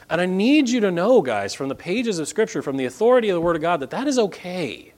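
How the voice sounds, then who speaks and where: Lively, animated male preacher. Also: fairly quick. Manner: lively, conversational preaching with wide pitch swings. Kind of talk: sermon.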